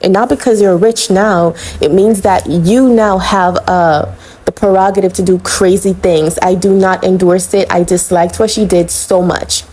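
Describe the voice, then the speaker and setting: A woman runs a celebrity gossip channel, talking straight to her viewers with sass and blunt opinions. Her voice is mellow and warm rather than bright, in a casual, chatty delivery. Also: fairly low pitch, fairly even intonation, a little slow, husky, low-quality recording. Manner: sassy and blunt, calls viewers honey and girl.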